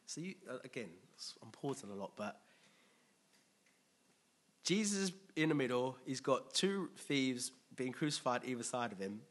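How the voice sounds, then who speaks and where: A man preaching a conversational, animated sermon, laughing often and restarting his sentences. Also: medium pitch, normal speed. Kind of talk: expository sermon.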